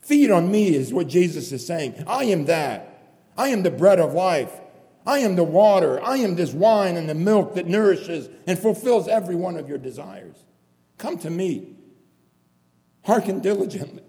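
A man delivers a pleading, impassioned sermon in a fairly high but warm, mellow voice. He leans on repeated phrases to drive each point home. His words ring out with a long reverb in a church hall. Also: lively intonation, moderate pace. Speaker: preacher.

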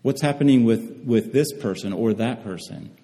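A man preaching a sermon, reading scripture slowly and measuredly, often pausing and restarting phrases. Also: medium pitch, mellow. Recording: reverberant hall.

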